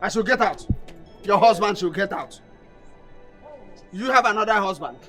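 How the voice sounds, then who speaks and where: A man's voice: high voice, animated, normal speed, fairly bright tone, soft background music. Taunting jealous young man. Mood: boastful. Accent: Nigerian. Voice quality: taunting, challenging. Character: boastful jealous young man picking a fight. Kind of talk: Nollywood film acting.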